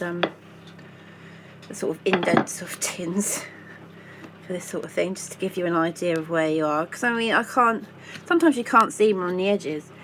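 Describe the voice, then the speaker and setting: A woman's voice: lowish voice, a bit bright, slight background noise, low-quality recording. A chatty woman, baking in her home kitchen and talking playfully as she goes, tossing in silly made-up words. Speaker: baking vlogger. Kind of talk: casual chat while baking.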